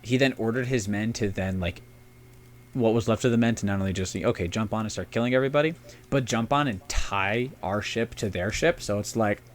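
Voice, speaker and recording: A man's voice: fairly low pitch, brisk. A man co-hosting a casual history podcast, rambling and swearing as he tells the story. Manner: rambling, profane, puts on silly shouting voices for historical figures. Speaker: podcast co-host.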